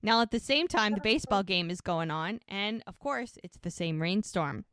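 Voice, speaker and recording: A woman's voice: mid-range voice, expressive, normal speed, fairly bright tone, clean tone, no echo, clean studio sound. A woman podcast co-host giving a chatty recap of a TV episode, telling it as a story and acting out the characters' lines. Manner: chatty storytelling, acts out quotes.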